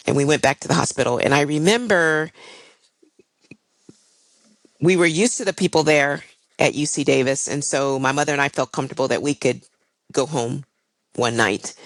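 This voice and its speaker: A woman's voice: rumbling low, dry recording, poor audio. Older woman telling a personal story. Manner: candid, reflective, with frequent fillers. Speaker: guest, airline pilot.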